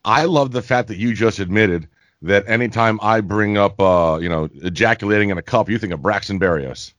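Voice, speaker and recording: A man's voice: fairly low pitch, brisk, fairly bright tone, no room sound, lo-fi sound. A man hosting a casual sports podcast who steers the talk by asking questions and moving to new topics.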